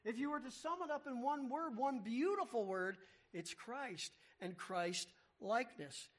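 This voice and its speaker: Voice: mid-range voice, lively intonation, a little slow. Emphatic preacher teaching a sermon. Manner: emphatic, repeats key words, asks rhetorical questions; explains Greek word meanings. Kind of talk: expository sermon.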